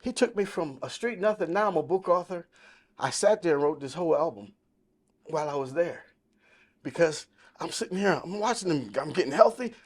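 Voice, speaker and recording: 60 yr old guy sharing his testimony on a podcast, kinda high voice, tells it emphatic like a story. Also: lively intonation, a little fast. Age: 60s. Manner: emphatic storytelling, quoting others. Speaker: podcast guest. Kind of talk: testimony in casual talk.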